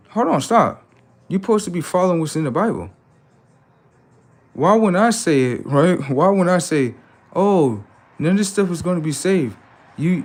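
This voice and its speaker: A man hosting a livestream, ranting in a preachy, confrontational way and talking back to his chat, swinging from loud outbursts to low mutters. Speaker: livestream host. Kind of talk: casual livestream rant.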